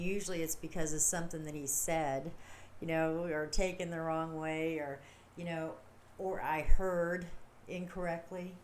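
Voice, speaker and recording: A woman's voice: low-pitched, a little hiss or hum. A middle-aged woman hosting a livestream, talking casually in a rambling, chatty way and laughing often. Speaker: livestream host. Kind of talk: casual chat.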